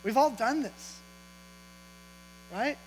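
This pastor speaks slowly in a very high-pitched voice, delivering a conversational, funny sermon and playfully quizzing his congregation. Long church-auditorium reverb and a faint mains hum color the recording.

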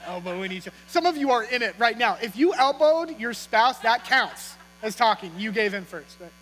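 A man with a very high voice delivers a sermon in a church auditorium, talking in a loose, joking way and prodding the congregation with questions. His voice rings out with a long hall reverb, and a faint mains hum sits underneath. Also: lively intonation, normal speed, sharp tone. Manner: conversational and humorous, teasing the congregation with questions. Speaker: pastor.

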